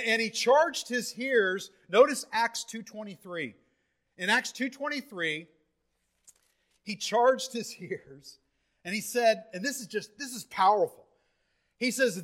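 A man preaching a sermon with fervor, repeating and restarting phrases as he builds to loud, emphatic peaks. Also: high-pitched, animated, measured pace.

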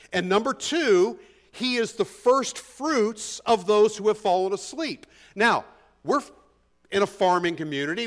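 A man with a notably high speaking voice preaches through a passage of scripture. He talks to the congregation in a conversational way, presses his points with emphasis and keeps asking them rhetorical questions. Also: a bit bright. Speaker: pastor. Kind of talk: expository sermon.

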